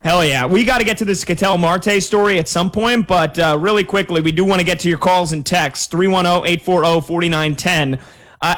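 A man's voice: high voice, fairly bright tone. A man hosting a sports betting radio show, joking with co-hosts and reading calls and texts.

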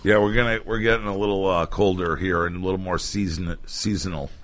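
A folksy male radio host chatting casually and reading out the weather. His voice is bright and forceful, and his delivery stays easygoing. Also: deep voice, fairly even intonation, brisk.

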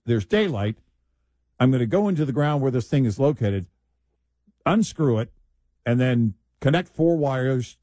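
A man's voice: medium pitch, warm tone, dry recording. A man co-hosting a talk radio show, telling everyday stories in casual banter.

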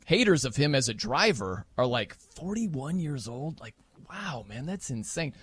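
A man hosting a casual sports talk show, chatting with animated energy and breaking into playful mock voices. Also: medium pitch, a little slow, slightly rough. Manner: animated, mimics wrestling announcers for laughs.

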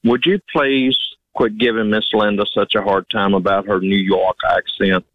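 A man's voice: lowish voice, steady tone, moderate pace, no room sound. A man calling into a radio show, a truck driver with a rural Southern American accent, friendly and polite, addressing the host as sir. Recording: dull lo-fi phone call.

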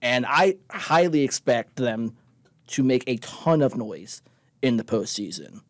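A man's voice: medium pitch, big pitch swings, a little slow, no echo. A young man co-hosting a sports talk show, arguing earnestly and citing statistics. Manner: stat-heavy, earnest arguing. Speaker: radio show co-host. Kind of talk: casual sports chat.

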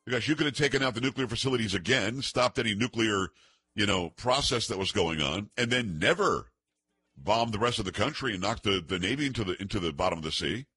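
A male talk radio host with a bright, forceful edge and a husky grain to his voice. He argues emphatically and leans on rhetorical questions, recorded close and dry in a studio. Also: fairly low pitch, animated, a little fast, no echo. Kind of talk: talk radio monologue and call-in.

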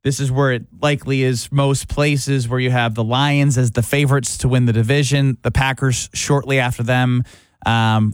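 A man's voice: mid-range voice, no room sound. A man hosting sports radio, talking in a loose, rambling way with lots of fillers. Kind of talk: casual sports talk.

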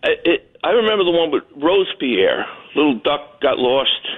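A man's voice: on the high side, big pitch swings, moderate pace. Jokey male caller on a tinny phone. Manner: jokey storyteller, acts out voices. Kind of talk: phoned-in storytelling.

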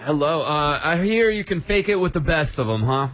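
A man's voice: a little high, expressive, normal speed, a bit bright. A male radio host introducing callers with jokey, upbeat banter.

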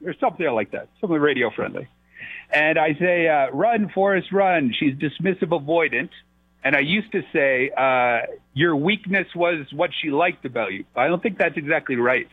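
A man in his thirties calling in to a radio show, joking with many fillers and pauses. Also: mid-range voice, slightly rough, dry recording. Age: 30s. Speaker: caller. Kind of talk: call-in radio chat. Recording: tinny phone line.

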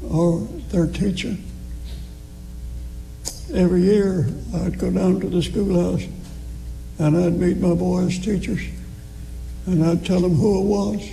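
A man preaching a sermon slowly and emphatically, pressing his listeners with rising appeals. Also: high-pitched, fairly even intonation, creaky, mellow, soft background music, rough recording.

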